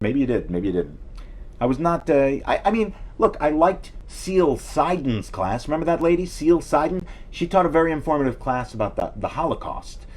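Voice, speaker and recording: A man's voice: mid-range voice, darkish tone, slight background noise. A middle-aged man hosting a live stream, telling rambling self-deprecating stories and answering viewer comments. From New York City area. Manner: digressive storyteller, chatty, self-deprecating, reads viewer comments aloud. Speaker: livestream host.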